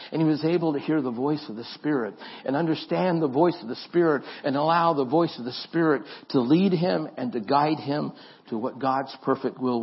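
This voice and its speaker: A man's voice: mid-range voice, slightly rough, lo-fi sound. A man preaching as a pastor, earnest and repetitive, in a church. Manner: earnest preaching with repeated phrases and restarts. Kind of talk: sermon.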